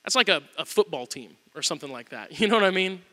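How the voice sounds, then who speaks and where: A male pastor preaching a sermon, telling the story with animated storytelling and acting out the quotes. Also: sits high, fast talker, long reverb tail.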